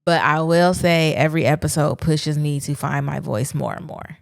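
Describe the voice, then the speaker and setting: A woman's voice: low-pitched, normal speed, vocal fry, no room sound, clean studio sound. A woman hosting her own podcast, talking candidly and casually in a reflective solo monologue, with slang. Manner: candid, conversational, speaks her mind with slang. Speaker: podcast host.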